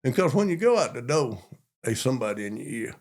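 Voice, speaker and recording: An older man from Georgia with a Southern drawl and a gravelly, creaky voice. He recounts his army days in a folksy, repetitive style, growing animated as the story builds. His pitch sits mid-range for a man. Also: fast. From Monroe, Georgia. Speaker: police chief and interview guest. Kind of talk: storytelling in an interview.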